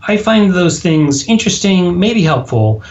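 Deliberate, firm-spoken man. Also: high voice, dull audio. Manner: firm, deliberate, ends sentences flat. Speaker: guest, public speaking coach. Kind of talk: podcast interview.

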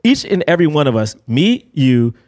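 A young man co-hosting a casual film-review podcast, talking in an emphatic, animated way with casual swearing. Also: a little high, normal speed. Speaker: podcast co-host.

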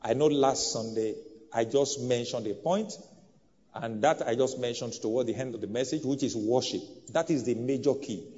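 A man, a pastor preaching a sermon to a congregation in a church hall, with big swings in volume and emphasis. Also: moderate pace. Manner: preaching with bold swings of pitch and loudness. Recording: dull sound with long hall reverb.

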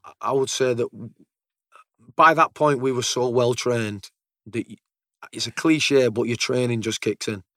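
A British military veteran tells casual conversational stories with a medium-pitched, sharp, steady voice, keeping a measured pace and pausing often. Blunt and freely swearing, he repeats words as he goes, and the clean studio sound has no echo.

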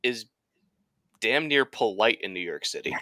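A man co-hosting a casual podcast, telling an anecdote in a lively, animated way. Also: lowish voice, unhurried, dry recording, studio quality. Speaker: podcast co-host. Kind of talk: casual podcast chat, storytelling.

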